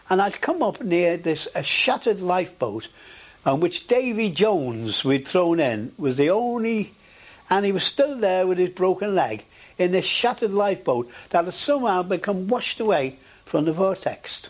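An older man with a husky voice, recounting his experiences in a recorded interview with frequent hesitations. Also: sits high, unhurried, long pauses. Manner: animated storytelling with frequent hesitations. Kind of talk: oral history recollection.

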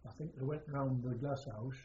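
An older man, a war veteran, slowly recounting his memories in a halting way with many pauses during an interview. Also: mid-range voice, warm tone, a little hiss or hum. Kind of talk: oral history recollection. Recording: echoey, dull archival interview tape.

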